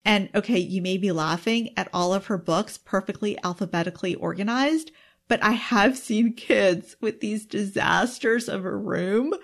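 A woman's voice: mid-range voice, moderate pace. A woman working as a time management coach and speaking as a parent, giving an earnest, openly emotional self-help talk with frequent exclamations. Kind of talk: self-help teaching monologue.

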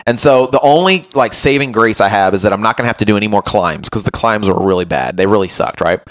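A man hosting a podcast as a run coach, telling an animated, self-mocking story in casual chat and often checking in with "right?". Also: on the low side, fast talker.

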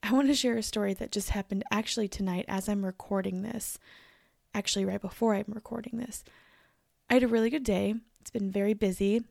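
A woman's voice: mid-range voice, fairly even intonation, brisk, creaky, darkish tone, no echo, studio quality. A young woman hosting her own podcast, talking candidly in a casual chat with a tired, scratchy voice. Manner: candid, chatty, emphatic. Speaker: podcast host. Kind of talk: casual solo podcast talk.

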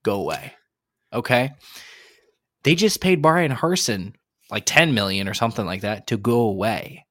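A man's voice: medium pitch, normal speed, pauses often, no room sound, clean studio sound. A man co-hosting a sports podcast who rants in an exasperated, profane way. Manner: animated, exasperated, profane ranting. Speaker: podcast co-host. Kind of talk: casual sports podcast rant.

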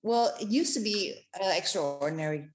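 A woman from Germany with a slight German accent, a guest in a casual interview. She talks in a relaxed, hesitant way with fillers. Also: mid-range voice, normal speed.

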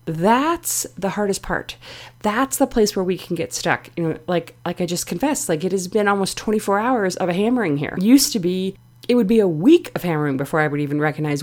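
A woman's voice: medium pitch, expressive, normal speed, a little mellow. A middle-aged woman hosting her own podcast, talking alone in a candid, confessional way with plenty of fillers. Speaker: podcast host. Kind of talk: reflective solo podcast talk.

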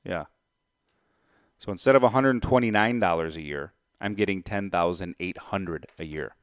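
A man's voice: low voice, moderate pace, smooth, dry recording, studio quality. A man casually telling a story to camera, acting out both sides of a deal and working out sums aloud. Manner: animated retelling, acts out both sides of a deal; works out sums aloud, thinking out loud. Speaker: real estate investor.

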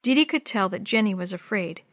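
A woman narrating a children's chapter book aloud in a clear, even storytelling manner. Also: mid-range voice, brisk, no room sound, studio quality.

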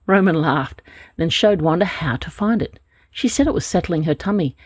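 Lively, husky woman reading a storybook. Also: lowish voice, normal speed, dry recording. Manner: gentle, expressive narration.

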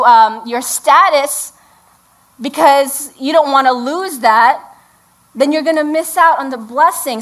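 A woman's voice: high voice, a bit bright, poor audio. A middle-aged woman pastor preaching a conversational sermon, acting out imagined prayers.

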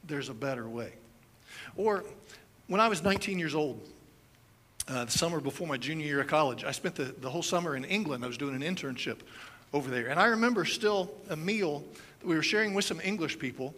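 A man's voice: a little high, animated, a little fast, a bit bright. A man in his fifties from the United States preaching a conversational sermon, telling stories with playful asides and demonstrations. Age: 50s. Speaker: pastor.

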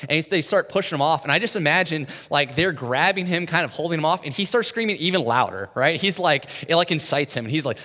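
A man preaching a sermon in a conversational way, often adding "right?" and swinging from hushed, soft passages to loud, intense ones. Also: fairly high pitch, lively intonation, fairly quick, hardly any pauses. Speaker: pastor. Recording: long reverb of a large hall.

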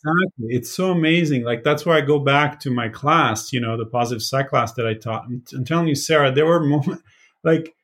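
A man's voice: mid-range voice, a little fast, fairly bright tone. A man who taught positive psychology, talking casually and animatedly with many fillers. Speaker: former positive psychology teacher. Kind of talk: casual conversation.

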